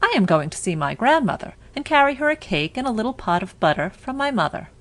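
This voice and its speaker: A woman's voice: fairly high pitch, sing-song, fast talker, pitched above the performer's own voice. A woman doing an eager, trusting little girl.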